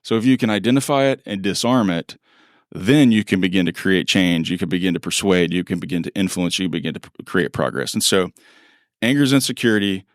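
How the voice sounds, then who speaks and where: There's no echo on this studio-quality recording of a middle-aged podcast co-host whose voice sits low and moves a little fast. Chatting casually, he animatedly acts out quoted lines and laughs a lot.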